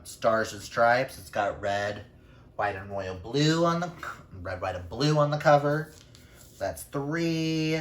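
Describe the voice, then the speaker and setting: A man's voice: medium pitch, a bit bright. A man chatting casually through a book wrap-up, self-deprecating, with playful asides. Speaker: book reviewer. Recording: roomy echo.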